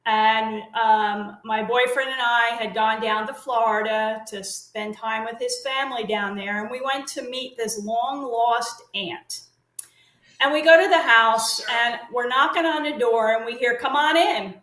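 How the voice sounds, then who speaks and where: A middle-aged woman, a parrot consultant appearing as an interview guest, tells long casual stories, rambling with fillers and restarts. Her fairly high voice is steady, slightly bright, and measured in pace. The audio is poor, with a roomy sound.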